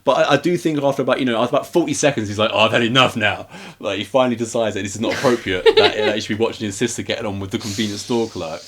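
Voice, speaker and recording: A man co-hosting a podcast, casually recapping a horror film in a rambling, animated way with acted-out quotes. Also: lowish voice, very fast, hardly any pauses. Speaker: podcast co-host. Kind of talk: casual movie recap chat.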